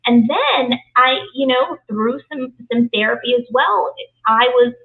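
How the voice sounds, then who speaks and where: A woman's voice: on the high side, animated, unhurried, vocal fry. A woman hosting a conversation, affirming her guest often and sharing her own reflections in a casual way. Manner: affirming, frequent yeses, reflective. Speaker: host. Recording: tinny phone-like line.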